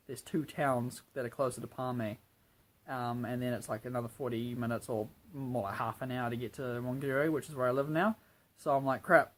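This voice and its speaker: Young male New Zealand vlogger, slightly high voice, chatty and rambling. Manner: chatty and rambling, with frequent fillers. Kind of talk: casual travel vlog.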